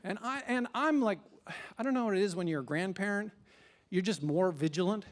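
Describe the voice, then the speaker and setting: A man, preaching a sermon as pastor with animated, emphatic storytelling. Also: a little fast. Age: 50s. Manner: animated, emphatic storytelling with sudden rises in pitch and loudness.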